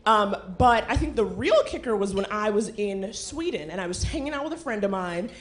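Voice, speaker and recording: A woman doing a stand-up comedy set on a club stage, brash and animated, swearing freely. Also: mid-range voice, brisk.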